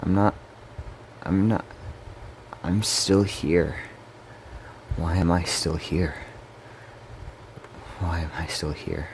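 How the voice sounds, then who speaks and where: Man voicing desperate undead brother, very deep voice, slow pleading speech. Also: darkish tone, slight background noise. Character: dying undead older brother, bitter and desperate.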